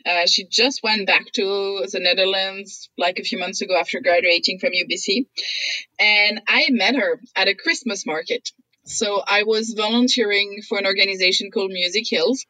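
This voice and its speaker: A woman's voice: mid-range voice, moderate pace, sharp tone, dry recording, poor audio. A woman whose first language is French, chatting as a guest and telling stories with frequent laughter. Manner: chatty storyteller, laughs often. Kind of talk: casual conversation.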